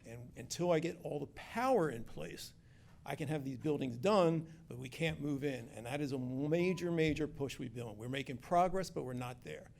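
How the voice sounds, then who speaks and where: A man's voice: a little high, normal speed, vocal fry, darkish tone. A man giving an informal community update as director of construction projects, joking and chatty, often restarting his sentences. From Philadelphia area.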